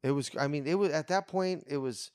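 A man's voice: a little high, fairly quick, darkish tone, clean tone, dry recording, clean studio sound. A man in a casual podcast chat, telling a story in a laid-back, profane way.

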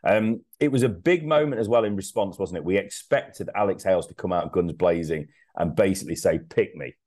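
Man, low deep voice, casual podcast chat, jokey, laughs often. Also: a little fast, darkish tone. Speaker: podcast co-host.

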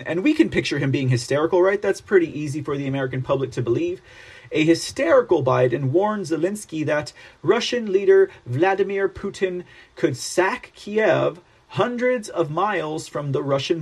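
A man hosting a political news commentary show, reading articles aloud and mocking them in an animated, sarcastic manner. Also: a little high, slightly rough.

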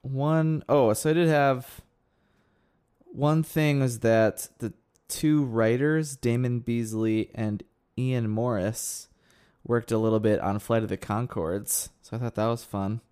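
A man's voice: mid-range voice, steady tone, slow pace, darkish tone, clear, resonant tone. A man trades wry jokes while chatting casually on a podcast. His asides come off dry and offhand. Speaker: podcast co-host. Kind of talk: casual chat.

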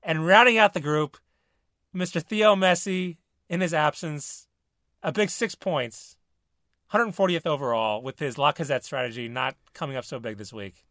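A man's voice: fairly high pitch, normal speed, fairly bright tone, dry recording. A man hosting a casual podcast, bantering with dry teasing and frequent laughs. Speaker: podcast host.

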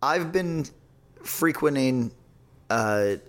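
A man hosting a podcast in loose, profane conversation. His voice sits at an ordinary middle pitch. He rambles through restarts with a sardonic edge. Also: lively intonation, drawn-out words. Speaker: podcast host. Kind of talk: casual podcast chat.

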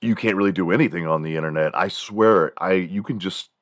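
Very deep-voiced man telling stories. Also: fairly quick, no room sound, clean studio sound. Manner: animated, mimics sounds and voices, chuckles while telling stories. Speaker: podcast host. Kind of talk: casual storytelling monologue.

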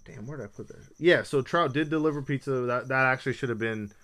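A man with a bright, forceful voice co-hosts a casual podcast. He tells stories loosely, joking and swearing as he goes. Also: medium pitch, fast talker. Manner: joking, profane storytelling. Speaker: podcast co-host. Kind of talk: casual chat.

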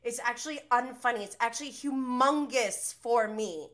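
Female podcast host with a crisp, forceful tone, gossiping and opinionated through a casual TV recap. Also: on the high side, moderate pace, hardly any pauses. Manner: gossipy, opinionated, swears freely.

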